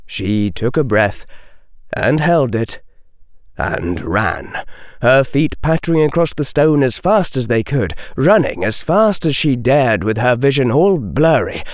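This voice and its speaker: Expressive male audiobook narrator. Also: mid-range voice, no echo, studio quality. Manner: expressive, slows for dramatic stresses. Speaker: audiobook reader. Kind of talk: storybook narration.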